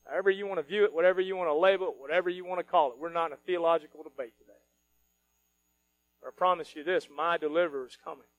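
A male pastor preaching a sermon, switching between quiet earnest stretches and loud mocking outbursts. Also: a little high, fast talker, no echo, lo-fi sound. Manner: animated, mocking voices of worried people, rising to shouts.

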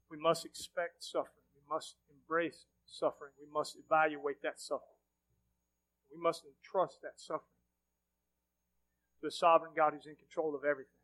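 A pastor with a fairly high, slightly bright voice conducts a sermon's altar call and prayer in a church sanctuary. He sounds earnest and pleading, and his prayer grows fervent.

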